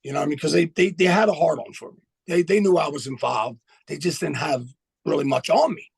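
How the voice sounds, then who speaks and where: An older man speaks as a podcast guest, his voice heavily gravelly and rough around the edges. He talks bluntly and profanely, in a streetwise way, with a slightly raised pitch. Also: brisk. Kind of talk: casual storytelling.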